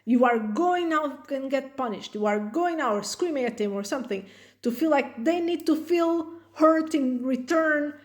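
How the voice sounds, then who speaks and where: Reassuring high-voiced woman parenting coach. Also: a little mellow. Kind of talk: advice talk to camera.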